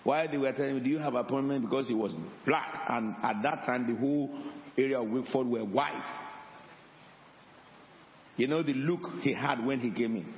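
A man's voice: medium pitch, normal speed. A man preaching a sermon as an apostle, telling a story and acting out the dialogue with repeated words. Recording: dull, echoey hall with faint ambience.

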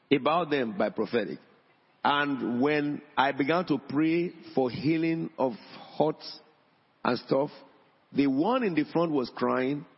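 Gravelly preacher in an echoing church. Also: male voice. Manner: emphatic, rising pitch on key points. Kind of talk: sermon. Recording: dull sound in a long-echo hall.

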